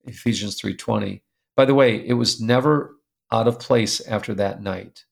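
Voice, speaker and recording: An older man appears as an interview guest, animatedly sharing a family story from his own life, laughing often and reading old letters aloud. His voice sits on the low side with a creaky quality, and he speaks at a moderate pace.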